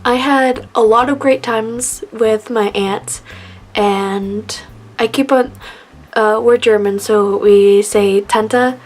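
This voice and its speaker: A woman's voice: a little high, fairly even intonation, takes it slowly, darkish tone. Tearful young woman, rambling. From Canada. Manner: rambling, laughing through sadness, many fillers. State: emotional, near tears. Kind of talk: tearful tribute vlog.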